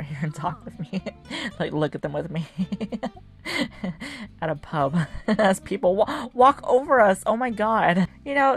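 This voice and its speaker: A woman's voice: low-pitched, creaky. A woman hosting a video game channel, giving chatty, casual let's-play commentary and giggling often. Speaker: gaming channel host. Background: faint game music.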